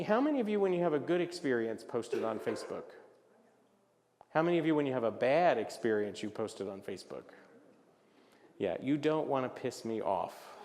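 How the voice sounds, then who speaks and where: A man giving a business presentation at a luncheon, animated and jokey, acting out little voices as he talks. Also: medium pitch, big-room sound. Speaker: luncheon speaker. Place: event hall.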